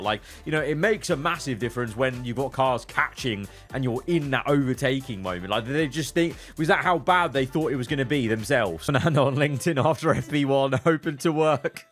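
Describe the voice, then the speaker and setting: A man hosting his channel, chatting through meme reactions, quipping quickly and laughing often. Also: mid-range voice, expressive, soft background music. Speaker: channel host.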